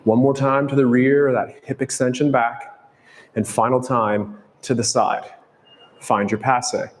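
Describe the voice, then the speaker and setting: A man leading a follow-along ballet barre and strength workout, calmly counting and cueing each movement. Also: mid-range voice, a little slow, long reverb tail, slight background noise. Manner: calm, steady cueing with counts. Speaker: fitness instructor.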